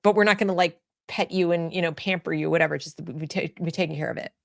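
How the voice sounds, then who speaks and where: A woman's voice: lowish voice, steady tone, fast talker, vocal fry, dry recording, clean studio sound. A woman hosting an opinion commentary show, talking bluntly, often repeating words and restarting her sentences. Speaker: host.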